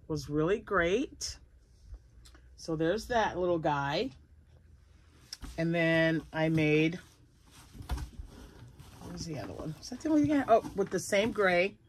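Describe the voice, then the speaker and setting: An older woman chatting casually at home about her crochet projects, rambling and laughing often. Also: medium pitch. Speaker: crochet vlogger. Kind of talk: casual chat.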